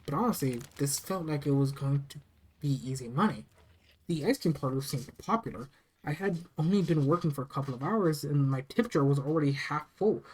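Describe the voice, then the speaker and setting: Horror story narrator, first-person, steady plain reading, mid pitch. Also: rough recording.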